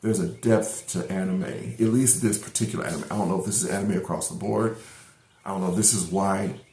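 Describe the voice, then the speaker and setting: A man's voice: low voice, steady tone, brisk, dark tone, a little hiss or hum. A middle-aged man casually reviewing an episode, retelling the plot in a rambling way with many fillers and restarts. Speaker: anime reviewer. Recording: roomy echo.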